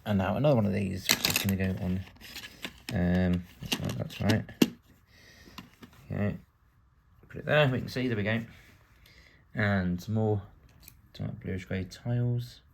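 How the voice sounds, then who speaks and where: A man's voice: lowish voice, steady tone, unhurried, creaky, pauses often, noisy background. A British man from the UK giving casual build-along narration as a vlogger, chatty and full of wry asides while he works. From United Kingdom.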